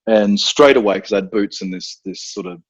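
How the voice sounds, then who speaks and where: A man's voice: lowish voice, a little fast, breathy edge, dry recording, lo-fi sound. An Australian man telling stories on a podcast, rambling with fillers and swearing freely. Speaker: guest, self-defense instructor. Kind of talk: casual podcast storytelling.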